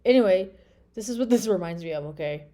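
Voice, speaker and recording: A woman's voice: medium pitch, animated, fast talker, mellow. Woman host, casual bible retelling, chatty and informal, keeps asking "right?". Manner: chatty, lots of "okay?" and "right?".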